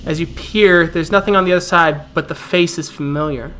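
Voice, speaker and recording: A man narrating a tabletop role-playing game as game master, setting scenes in a calm, descriptive way. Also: on the high side, brisk, slight background noise.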